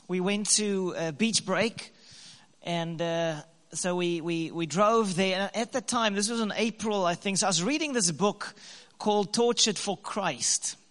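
A man telling a lively story to couples, laughing and acting out his own lines. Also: sits high, unhurried, big-room sound. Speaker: co-host, husband speaking to couples. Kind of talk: animated storytelling talk.

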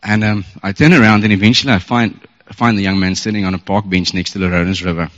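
Emotional man, low voice, testimony at church, muffled dull recording. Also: fairly even intonation, quick pace, fairly bright tone, big-room sound. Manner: emotional, earnest, chuckles often. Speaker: church member sharing a testimony. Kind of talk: storytelling testimony. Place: church service.

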